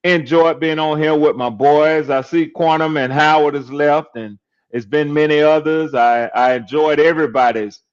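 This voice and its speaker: A man's voice: on the high side, steady tone, normal speed, highs cut off. An older man talking casually on a podcast panel, laid-back and drawling, often saying "yes, sir.". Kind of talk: casual chat.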